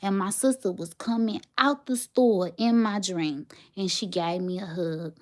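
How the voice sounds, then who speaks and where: A woman's voice: medium pitch, a little slow, darkish tone. A woman, telling a personal story to her viewers in a heartfelt, emotional way. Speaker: vlogger, single mother.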